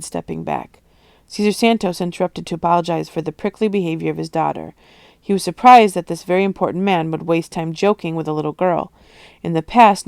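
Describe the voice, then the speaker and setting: Gravelly, smooth-voiced woman reading a novel. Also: on the low side, a little mellow, no room sound, clean studio sound. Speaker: audiobook reader. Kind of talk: storybook reading.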